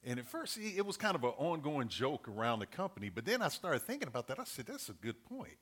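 A man's voice: mid-range voice, sing-song, fast talker, a bit bright, husky. A middle-aged man preaching a sermon, earnest and repeating his key points as he works through a numbered list.

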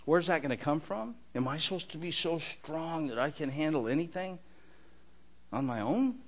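A man's voice: fairly high pitch, animated, normal speed. A middle-aged man preaching a sermon in an earnest, conversational way with touches of humor. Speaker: pastor.

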